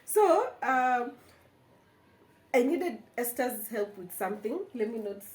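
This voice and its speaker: A woman's voice: on the high side, takes it slowly. A young Kenyan woman hosting a casual chat, telling stories with frequent laughter. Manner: animated storyteller, laughs often. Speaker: vlog host. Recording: echoey room with faint ambience.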